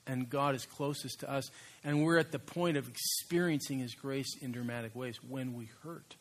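Husky conversational man preaching. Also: medium pitch. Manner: conversational, emphatic preaching with slow stressed words. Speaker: pastor. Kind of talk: sermon.

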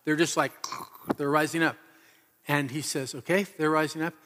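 A man's voice: a little high, steady tone, moderate pace, fairly bright tone. Earnest man preaching in a hall. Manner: earnest, emphatic storytelling with repetition. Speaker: pastor. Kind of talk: sermon. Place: church hall. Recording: reverberant hall.

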